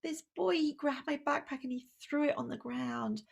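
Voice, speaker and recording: A woman voicing a sad, scared young boy who speaks in small, halting words. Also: sits high, creaky, slightly rough, pitched above the performer's own voice, heavily acted.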